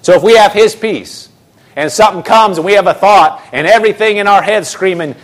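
A man with a fairly high voice delivers an emphatic sermon. He leans on repeated phrases and moves between slow, drawn-out lines and quick bursts. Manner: emphatic preaching, varied pace, repeats phrases. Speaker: pastor.

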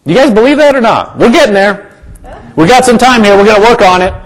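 A man's voice: high voice, lively intonation, brisk. A man preaching a sermon, emphatic and repetitive, calling on the congregation to respond. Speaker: pastor.

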